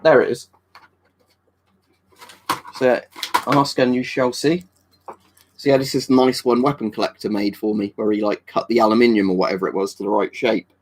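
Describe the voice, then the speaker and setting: A man's voice: fairly low pitch, steady tone, moderate pace, pauses often, slight background noise. An English man hosting a live stream, chatting casually and answering viewer comments in a rambling, offhand way. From England. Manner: rambling and offhand, with many fillers and restarts. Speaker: livestream host.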